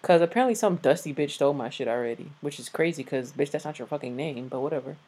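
Woman, late 20s, solo podcast host; blunt, profane, animated rant, tired. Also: sits low, fast, husky.

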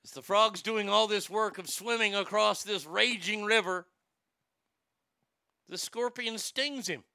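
A man with a high, very bright and clear voice, ranting with sarcastic disbelief. He trips over his words and repeats himself as he builds his point. It is a comedic monologue for a show. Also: measured pace, no echo. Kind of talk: comedic rant.

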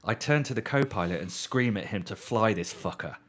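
A man in a casual podcast chat, telling a long story with swearing and deadpan readings. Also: lowish voice, fairly quick.

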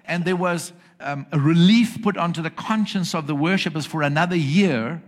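Preaching a sermon in church, a man with a fairly high-pitched voice speaks at normal speed. He is emphatic and keeps asking the congregation to agree, checking that they're following.

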